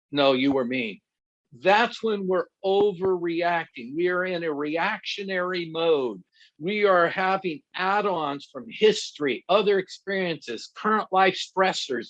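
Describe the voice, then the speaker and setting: A middle-aged man, a guest pastor and counselor, teaching conversationally through personal stories and laughing at himself. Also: high-pitched. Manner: animated storyteller who laughs at himself. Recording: dull lo-fi dry sound.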